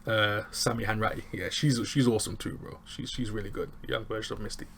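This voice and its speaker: A man with casually recapping a TV episode, animated and chatty, acting out lines from scenes. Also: lowish voice, a little fast, creaky, a crowd in the background. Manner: animated, chatty, acts out quotes. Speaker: TV show reviewer.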